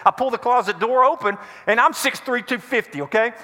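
A pastor preaching with a high, bright, ringing voice that swoops up and down. He keeps firing questions at the congregation and waiting for their answers. His voice carries through a reverberant church hall. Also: fairly quick. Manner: animated, quizzes the congregation with call-and-response questions. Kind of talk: sermon.

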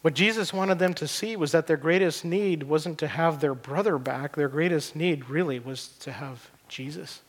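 A man's voice: a little high, normal speed, hardly any pauses. A middle-aged man, preaching a sermon in an earnest, conversational way and repeating words as he looks for them. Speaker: pastor. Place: church hall. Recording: long reverb of a church hall.

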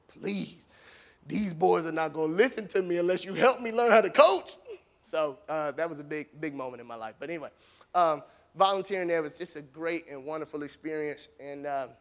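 A man with a high voice tells a story to a crowd in an easygoing, chatty way. He keeps it lively, throws in punchy sound effects and leans on casual fillers as he goes. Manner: animated, with vocal sound effects; conversational, with many fillers. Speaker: speaker telling a story to an audience. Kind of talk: storytelling talk.

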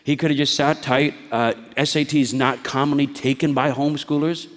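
A middle-aged man preaching a sermon, moving between quiet storytelling and rising exhortation. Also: medium pitch, fairly even intonation, a little fast. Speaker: pastor. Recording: long hall reverb.

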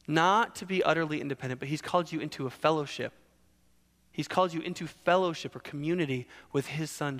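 A man's voice: on the high side, a bit bright, big-room sound. A man preaching a sermon, emphatic, asking and answering his own questions.

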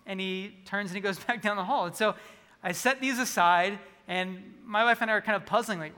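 A man's voice: high voice, brisk, bright, forceful tone, clean tone. A man preaching a sermon, telling a personal story earnestly and acting out the dialogue. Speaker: pastor. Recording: long reverb of a large hall.

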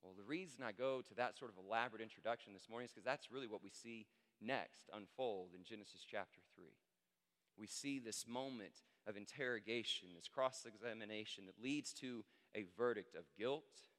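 A man in his thirties preaching a sermon, an animated storyteller who acts out the quotes. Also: fairly low pitch, normal speed. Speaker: pastor. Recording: long hall reverb.

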